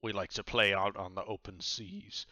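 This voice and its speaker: A man's voice: lowish voice, steady tone, normal speed, bright, forceful tone, dry recording, dull audio. A man voicing a boisterous, jovial male pirate captain in a tabletop role-playing game.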